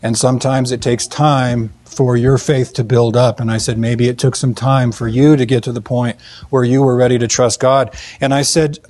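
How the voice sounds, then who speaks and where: A man telling a faith testimony in an earnest, halting way, with many fillers and restarts. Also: medium pitch, level tone, darkish tone. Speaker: Christian speaker telling a testimony. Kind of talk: storytelling testimony.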